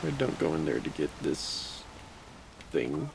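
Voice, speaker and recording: A man's voice: very deep voice, sing-song, a little slow, gravelly, background noise. A man streaming a video game, grumbling in frustration and calling himself an idiot as he plays. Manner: frustrated, self-deprecating grumbling. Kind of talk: casual gameplay commentary.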